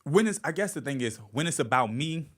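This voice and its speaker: A comedian from Virginia telling an animated story as a podcast guest, acting out quotes as he goes. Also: fairly high pitch, fairly quick, slightly rough. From Virginia, USA. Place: podcast studio.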